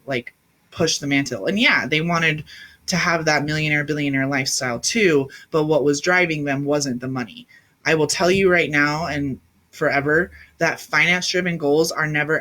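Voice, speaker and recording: A woman's voice: low-pitched, fairly bright tone. A woman in her thirties hosting a spiritual livestream, talking in an intense, emphatic and rambling way, now and then answering viewers directly into a webcam or phone mic. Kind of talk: casual spiritual livestream talk.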